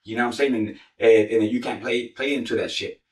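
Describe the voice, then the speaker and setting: A man's voice: lowish voice, steady tone, recorded from a distance. A man telling raw, profane street stories, rambling with heavy slang. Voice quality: heavy slang, constant "you know what I'm saying". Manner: rapid, rambling, swears constantly. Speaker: former gang member telling war stories. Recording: echoey room, voice off mic.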